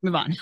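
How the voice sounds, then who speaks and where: Bright teasing woman podcaster. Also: high-pitched, no room sound, dull audio. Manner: laughs often, teasing. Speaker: podcast co-host. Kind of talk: casual chat.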